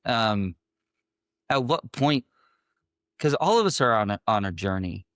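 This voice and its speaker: A man hosting a faith podcast, asking measured, thoughtful questions. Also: fairly low pitch, lively intonation, fairly bright tone, no room sound, clean studio sound. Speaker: podcast host. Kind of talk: reflective interview questions.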